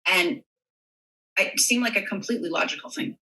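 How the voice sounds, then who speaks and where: A woman's voice: medium pitch, moderate pace, vocal fry, bright, forceful tone, recorded from a distance, poor audio. A woman in her thirties speaking frankly and openly as a podcast guest, swearing casually. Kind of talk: candid podcast conversation.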